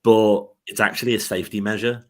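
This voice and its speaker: A man with a low voice recounts a long story in casual podcast chat. He rambles, stacking fillers and restarting his sentences. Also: little pitch movement, fairly quick, darkish tone. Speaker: football podcast co-host.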